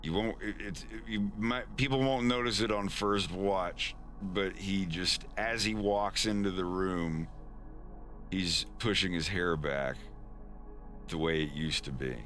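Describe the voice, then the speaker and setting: A man's voice: low-pitched, fairly even intonation, unhurried, fairly bright tone, soft background music. A man casually explaining his animation on a stream, rambling with frequent restarts. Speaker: animator showing his work.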